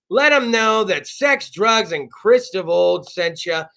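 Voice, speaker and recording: A man from South Texas hosting a casual talk show, loud, excitable and profane, often bursting into shouts while plugging sponsors. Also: sits high, slow, gravelly, hardly any pauses.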